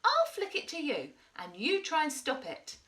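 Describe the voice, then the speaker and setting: Woman reading a keen young shark lad for a storybook, bright, lively, upbeat. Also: high-pitched, normal speed, pitched above the performer's own voice, exaggerated voice. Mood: cheerful. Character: young male great white shark, cheerful and eager.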